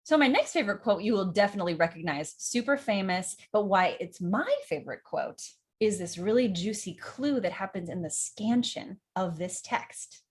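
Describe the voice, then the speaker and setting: A woman's voice: mid-range voice, normal speed, breathy edge. A young adult woman, an acting teacher and director, chatting enthusiastically about favorite lines and acting them out. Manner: enthusiastic, acts out quotes, nerdy about verse. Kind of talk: casual educational vlog.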